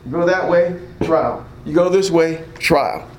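A man preaching an interactive sermon, his voice pitched high for a man. He keeps asking the room questions and drawing answers back. The sound rings in a reverberant hall with a faint hiss behind it. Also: a little slow. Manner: call-and-response, asks the room questions. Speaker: pastor. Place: church hall.

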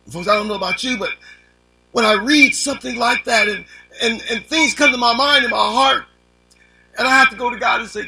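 A man preaching an impassioned sermon, reading scripture fervently and swinging from hushed tones to shouting. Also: extremely high pitch, brisk, creaky, husky.

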